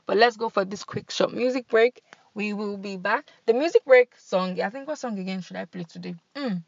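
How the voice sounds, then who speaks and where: Woman podcast host, casual and chatty, mid-pitched, muffled lo-fi mic. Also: normal speed, creaky, no echo. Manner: chatty, thinks aloud. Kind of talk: casual solo podcast chat. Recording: dull, dry lo-fi sound.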